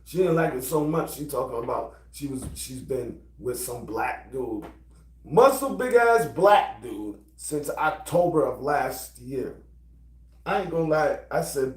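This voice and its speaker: A middle-aged man telling a personal story in a profane, animated rant. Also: mid-range voice, normal speed. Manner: animated, profane, builds to angry outbursts. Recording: roomy, distant from mic.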